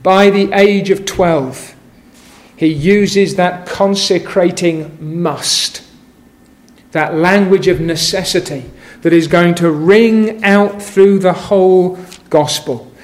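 Slow, high-voiced male preacher. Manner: measured, emphatic preaching with quoted scripture. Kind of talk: sermon.

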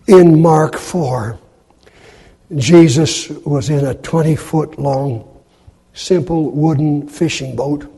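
A man preaching a sermon in a dramatic way, acting out quoted speech in loud, high bursts. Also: gravelly, slightly rough. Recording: long hall reverb.

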